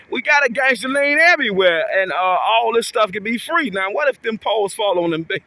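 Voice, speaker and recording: High-pitched guy ranting off the cuff, bright sharp voice, preachy and repetitive. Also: fairly quick, few pauses. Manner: animated, preachy, repetitive call-outs; speaks of himself in third person. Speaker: self-styled local activist vlogger. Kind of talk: rambling improvised monologue.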